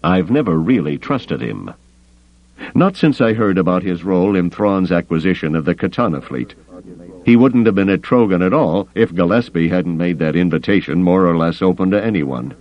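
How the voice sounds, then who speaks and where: A man voicing a calm, wry male smuggler in a measured way. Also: low-pitched, no echo, highs cut off.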